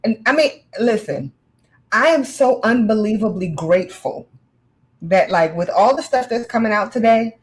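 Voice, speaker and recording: A woman in casual chat, telling a candid personal story with animated, frank delivery. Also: a little high, moderate pace, poor audio.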